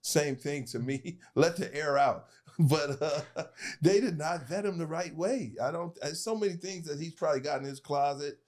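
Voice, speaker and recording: A man talking as a podcast guest in casual political chat, animated and laughing, with a knack for mimicking voices. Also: fairly high pitch, normal speed.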